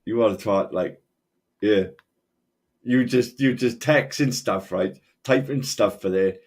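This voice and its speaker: A man's voice: lowish voice, a little slow. Blunt swearing man. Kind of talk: heated online argument.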